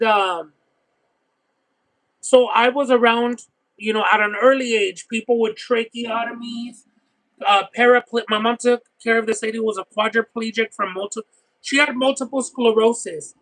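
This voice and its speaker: A man chatting casually on a livestream, talkative and expressive, who swears now and then and keeps saying "you know what I mean.". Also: extremely high pitch, low-quality recording. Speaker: streamer reading chat.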